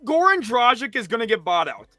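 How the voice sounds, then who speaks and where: A young man hosting a sports livestream, reacting in an exasperated rant that swings between loud outbursts and low mutters. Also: sing-song, brisk, dry recording, soft background music. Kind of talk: live reaction commentary.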